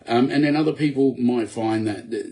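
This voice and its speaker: A man's voice: brisk, warm tone. Rambling man in a casual live chat. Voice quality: gravelly, low voice. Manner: rambling, with many fillers and restarts. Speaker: author. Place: home at night. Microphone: computer or phone for live video.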